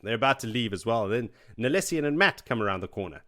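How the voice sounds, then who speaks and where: Guy retelling a fantasy book, low voice, all over the place pitchwise, does little voices. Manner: animated, acts out characters in quick voices. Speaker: podcast co-host. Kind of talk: casual book discussion.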